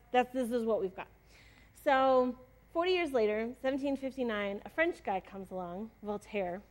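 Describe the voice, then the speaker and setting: A young adult woman pastor preaching a sermon in a casual, chatty way with many fillers. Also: fairly high pitch.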